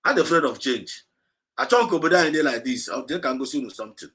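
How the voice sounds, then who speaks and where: A man's voice: mid-range voice, animated, a little fast, fairly bright tone. A man with a Nigerian Igbo accent preaching an exhorting livestream message, repeating his points and slipping between English and Igbo. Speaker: movement speaker.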